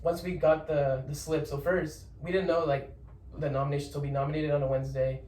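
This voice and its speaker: A young man tells a rambling story in casual podcast chat, repeating words and giving shout-outs. His voice sits a little high. He is recorded from a distance in a roomy, echoing space with faint background noise. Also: little pitch movement, brisk. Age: young adult. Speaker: podcast guest.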